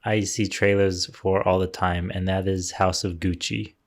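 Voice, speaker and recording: A man's voice: sits low, little pitch movement, normal speed. A man co-hosting a casual movie podcast, ranting with strong opinions. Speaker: podcast co-host. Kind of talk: casual chat.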